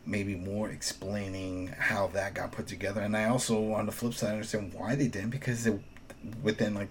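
A man talking casually in a podcast discussion, recapping an episode and acting out lines in playful voices. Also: a little hiss or hum. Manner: animated, acts out quotes in high voices. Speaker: show reviewer.

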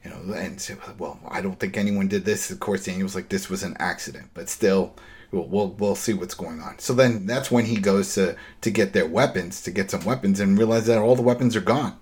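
Podcast guy, low husky voice, chatty recap, does the characters' lines. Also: moderate pace. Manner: animated, acts out characters' lines. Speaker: podcast host. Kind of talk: casual recap chat.

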